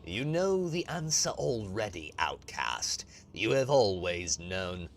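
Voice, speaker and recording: A man voicing an ancient alien Harlequin mystic in a low, hushed, grave voice, reading a game aloud. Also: very animated, takes it slowly, slight background noise, full character voice.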